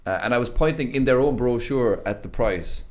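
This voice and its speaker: A man's voice: medium pitch, a little fast. A man with an Irish accent, a podcast guest chatting casually and telling rambling, sweary stories with many restarts. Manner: rambling, sweary storyteller who restarts his sentences. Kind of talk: casual chat.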